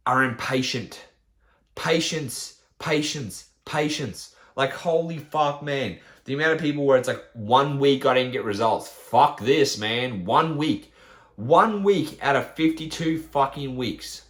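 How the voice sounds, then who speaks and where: A man's voice: medium pitch, a bit bright. A man, a fitness trainer, ranting bluntly and profanely on his solo podcast. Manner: blunt, profane, rants with mocking quoted voices.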